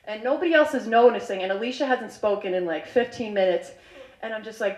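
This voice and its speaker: A woman telling a personal story on stage at a live story slam, animated and chatty, often laughing, with lots of "like". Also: mid-range voice, a little fast. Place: stage in a hall. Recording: echoey hall.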